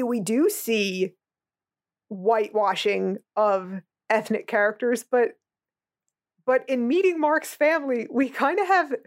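Outspoken, higher-voiced woman podcaster. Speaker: podcast co-host. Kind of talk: casual chat.

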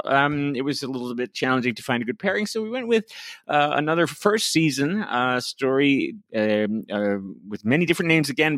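A man's voice: mid-range voice, a bit bright, no room sound, studio quality. A man in his forties co-hosting a podcast, talking casually and hesitantly with many fillers. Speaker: podcast co-host.

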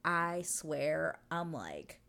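Young woman, low-pitched and animated, gushing casual recap with swearing. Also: drawn-out words, vocal fry. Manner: gushing, excitable, swears freely. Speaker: TV episode recap host.

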